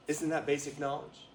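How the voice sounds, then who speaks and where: A man giving a lively storytelling talk as a motivational speaker, drawing answers from a small live audience. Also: fairly high pitch, reverberant, far from the mic, a little hiss or hum, low-quality recording. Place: retreat meeting room with a small audience.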